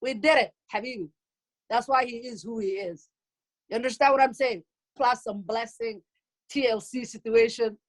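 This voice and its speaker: A middle-aged woman from Somalia with a Somali accent and Somali as her first language, telling comic stories in an animated, teasing way and exclaiming often. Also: fairly high pitch, moderate pace. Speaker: comedic speaker at a community event. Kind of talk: comic storytelling.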